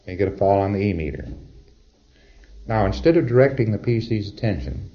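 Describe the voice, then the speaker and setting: Male lecturer, very low voice, wry and conversational, muffled lo-fi tape. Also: lively intonation, brisk. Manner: conversational, wry, acts out exchanges. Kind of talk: recorded lecture to trainees.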